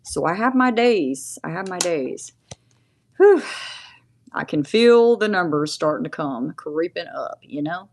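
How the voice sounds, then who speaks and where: During a live tarot reading, a woman in her forties chats in an easygoing, relaxed manner. Her voice is slightly low, and she often laughs and stops to thank the people watching.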